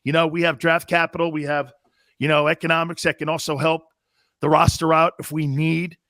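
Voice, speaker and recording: A man doing an impression of a calm, evasive football general manager at a press conference, speaking in smooth, noncommittal phrases. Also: on the high side, brisk, no room sound, studio quality, pitched below the performer's own voice. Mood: bland.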